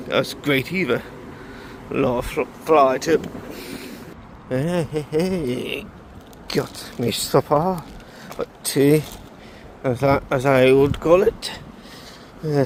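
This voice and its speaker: A man's voice: medium pitch, slight background noise. A tired man vlogging casually, rambling and correcting himself as he goes. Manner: rambling, halting, self-correcting. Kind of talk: casual vlog monologue.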